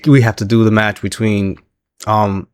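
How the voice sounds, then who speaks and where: A man's voice: on the low side, normal speed, clean tone, no echo. Laughing, chatty man recapping wrestling. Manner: laughs often, animated retelling with quoted voices. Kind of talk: casual recap commentary.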